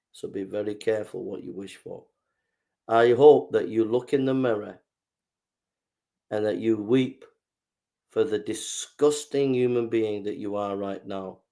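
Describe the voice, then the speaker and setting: A man's voice: medium pitch, creaky, warm tone. A man, a podcast host delivering an emphatic, fiery political monologue full of repetition.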